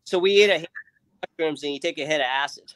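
A man's voice: a little high, quick pace, smooth. A man telling a long story in casual chat on a livestream, rambling with fillers and acting out his friends' lines. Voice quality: rambling, many fillers and restarts. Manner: animated, acts out friends' lines.

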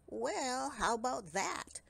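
A woman's voice: sits high, lively intonation, takes it slowly, vocal fry, fairly bright tone, slightly rough, pitched above the performer's own voice, exaggerated voice. A woman reading aloud and voicing a brave but easily startled male gnome who exclaims and moans, with faint music behind.

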